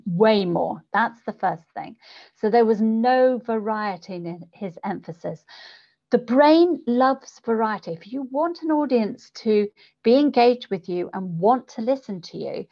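A woman who coaches public speakers, talking in an interview and changing her pitch and volume to demonstrate delivery. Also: a little mellow. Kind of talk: conversational interview. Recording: dull lo-fi podcast audio.

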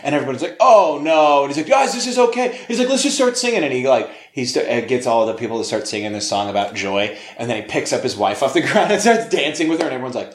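A young man in casual chat, telling a funny movie story and acting out the characters in high, excited voices. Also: very fast, few pauses, echoey room. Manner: animated storyteller, acts out scenes in high voices.

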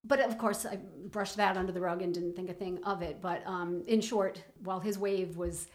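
Woman telling a personal story, halting. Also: lowish voice, fairly even intonation. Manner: halting, full of fillers and restarts. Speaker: guest.

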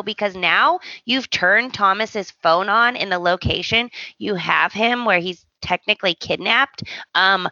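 Bright sassy woman podcaster, voice jumps all over, dry lo-fi sound. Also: medium pitch, vocal fry, dry recording. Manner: animated, sassy, laughs often. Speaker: podcast co-host. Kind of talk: casual soap opera recap chat.

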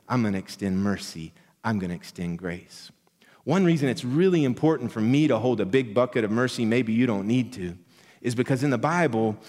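A man preaching a sermon as pastor, earnest and emphatic, rising on quoted lines and dropping soft and low. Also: in a large hall. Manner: earnest, builds to emphatic quoted lines, drops to near whisper.

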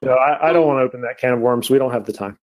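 A man's voice: medium pitch, very fast. A man talking as a guest on a webcast, telling a story about himself with laughter. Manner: chatty storyteller, self-mocking, laughs while talking. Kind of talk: casual webcast banter.

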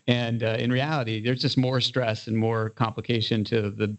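Animated male entrepreneur telling a story. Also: mid-range voice, fast, creaky, few pauses, highs cut off. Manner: animated storyteller, many "you know" fillers. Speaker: entrepreneur guest. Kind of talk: casual storytelling interview.

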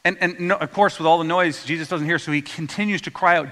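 Pastor, male, storytelling sermon, bright and slightly high voice, long hall echo. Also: fast. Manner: storytelling, acts out quoted voices, asks congregation to repeat words.

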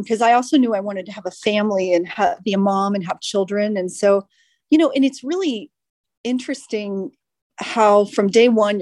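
A woman's voice: medium pitch, dry recording, clean studio sound. A woman in her forties, an orthopedic surgeon, telling stories as a podcast guest with frequent laughter. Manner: lively storyteller, laughs often. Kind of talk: podcast interview.

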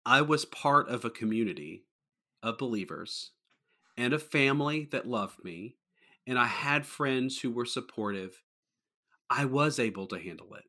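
A man's voice: medium pitch, animated, a little slow, pushed and bright. A man, a pastor, talking earnestly in a casual podcast conversation, often restarting his sentences. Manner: earnest, rambling with many restarts.

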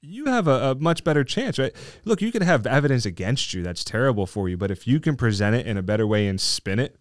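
A man in the role of a trial lawyer talks through a case in a relaxed, conversational way. His voice is smooth and clear, recorded dry and close. He keeps checking in with his listeners as he explains. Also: medium pitch, quick pace, no room sound. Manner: talkative, explains with frequent "right?". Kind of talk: casual discussion.

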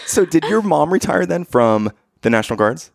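A man co-hosting an interview, asking gentle questions and reacting briefly. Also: fairly high pitch, very animated, moderate pace, creaky, no echo. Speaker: co-host. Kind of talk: casual interview chat.

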